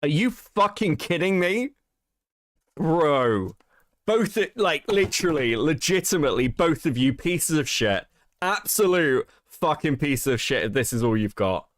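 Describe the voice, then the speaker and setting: A man's voice: a little high, expressive, a little slow, no echo, clean studio sound. A male stream host giving heated commentary, exasperated and swearing often. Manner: exasperated, profane ranting.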